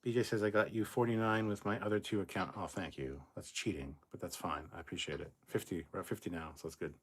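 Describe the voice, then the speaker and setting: A man's voice: low voice, steady tone, fast, breathy edge. A middle-aged man hosting a livestream, reading viewer comments aloud in a casual, loose way and swearing freely. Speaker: livestream host reading chat. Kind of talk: casual live chat reading.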